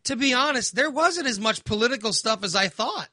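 A man's voice: very high voice, lively intonation, fairly quick, bright, forceful tone, dry recording, studio quality. A man ranting casually, exasperated and sarcastic, sounding fired up. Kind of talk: casual opinion rant.

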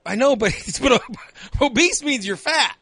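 A man hosts a call-in chat with a high voice that swings about animatedly. His tone is bright and forceful, close and dry, and he teases his caller bluntly with crude humor. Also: lively intonation, moderate pace, breathy edge, no echo. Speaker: host.

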